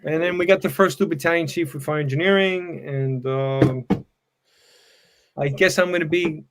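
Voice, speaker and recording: A man's voice: a little high, moderate pace. A man in his sixties, a retired fire battalion chief, giving tips and stories in a casual podcast interview, rambling easily and leaning on "you know" and "man".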